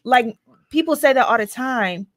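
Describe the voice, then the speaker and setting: Woman, higher voice, earnest and persuasive, dry close sound. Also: lively intonation, normal speed, dry recording. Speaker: podcast co-host. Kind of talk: casual discussion.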